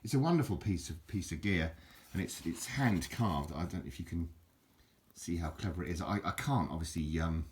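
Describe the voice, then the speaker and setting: A man with a very low voice talks casually to a handheld camera at home. His talk stumbles and restarts, full of fillers and chuckling self-mocking jokes. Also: moderate pace. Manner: drops into mock Aussie slang for fun. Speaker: video host showing an object. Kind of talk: casual rambling show-and-tell. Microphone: handheld camera, filming one-handed.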